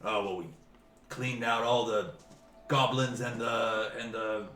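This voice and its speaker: Brief: man as a threatening ogre, slow and gruff, sharp tone, roomy echo. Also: mid-range voice, fairly even intonation, distant mic, voice pushed up. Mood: menacing. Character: menacing fire-bellied male ogre. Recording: roomy echo, faint music.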